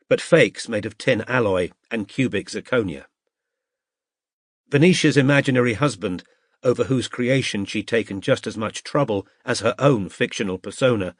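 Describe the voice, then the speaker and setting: Guy narrating a detective audiobook, calm steady read, dead dry close mic. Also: medium pitch, dry recording. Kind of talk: scripted narration.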